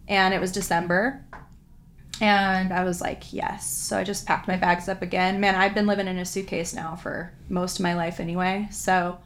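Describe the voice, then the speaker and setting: A woman, a former pro soccer player, telling lively anecdotes in a casual chat and acting out what people said. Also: lowish voice, normal speed, slight background noise. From Vancouver area, Washington, US. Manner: lively anecdotes, acts out quotes, laughs often.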